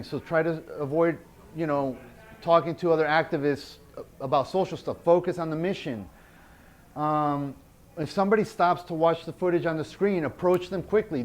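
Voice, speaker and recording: A man teaching a workshop, blunt and emphatic, repeating his key points. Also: fairly high pitch. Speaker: workshop instructor.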